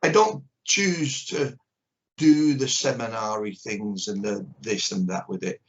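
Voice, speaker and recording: A man's voice: on the low side, a little slow. Older guy, karate teacher, blunt and opinionated, kinda muffled lo-fi call audio. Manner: blunt and opinionated, acts out little exchanges. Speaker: karate teacher, interview guest. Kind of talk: candid conversation. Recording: dull lo-fi video call audio.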